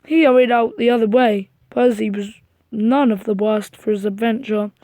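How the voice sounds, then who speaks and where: A woman reading a children's storybook aloud in a gentle, even storytelling manner. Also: on the high side, normal speed, dry recording. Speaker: storybook reader.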